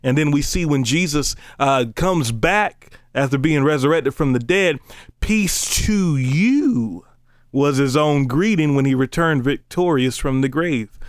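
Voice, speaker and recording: A man preaching a casual, conversational sermon, joking between slow, emphatic scripture readings. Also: mid-range voice, clear, resonant tone, dry recording, studio quality.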